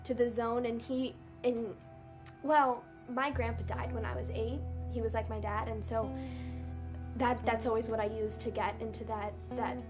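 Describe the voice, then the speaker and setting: A woman reflecting quietly in a documentary interview. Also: a little high, flat delivery, normal speed, over music. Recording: interview with score under it.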